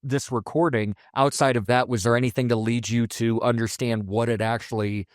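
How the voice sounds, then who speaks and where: A man's voice: medium pitch, fairly even intonation, fairly quick, dry recording, clean studio sound. A man hosting a casual interview podcast, giving short reactions and asking friendly follow-up questions. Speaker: podcast host.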